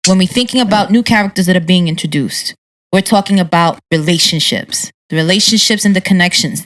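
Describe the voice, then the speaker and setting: A woman co-hosting a podcast, chatting casually and enthusiastically in repeated phrases. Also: fairly low pitch. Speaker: podcast co-host. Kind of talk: casual chat.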